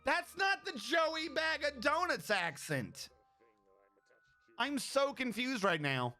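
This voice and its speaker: A man with a high, bright voice talks casually on a stream. He rambles, swears often and keeps restarting his sentences. Faint music plays quietly underneath. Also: sing-song, unhurried. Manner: rambling and profane, with many restarts. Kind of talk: casual chat.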